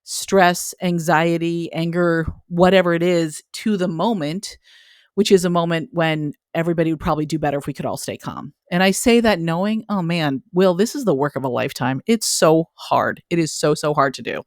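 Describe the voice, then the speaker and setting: A woman's voice: fairly low pitch, normal speed, no room sound, studio quality. A woman in her forties, a parenting author, explaining candidly in a podcast interview with self-deprecating humor.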